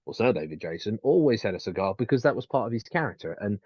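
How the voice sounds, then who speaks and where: A man's voice: fairly low pitch, very animated, fast talker, darkish tone, no echo. A man co-hosting a podcast in casual chat, rambling with many restarts and fillers. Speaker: podcast co-host. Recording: dull dry lo-fi mic.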